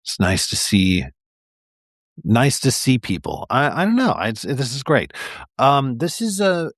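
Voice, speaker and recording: A man's voice: mid-range voice, big pitch swings, measured pace, dry recording, studio quality. A man hosting a livestream, reading a picture book aloud in a chatty, rambling way with many fillers. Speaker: livestream host reading stories. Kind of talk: casual read-aloud storytelling.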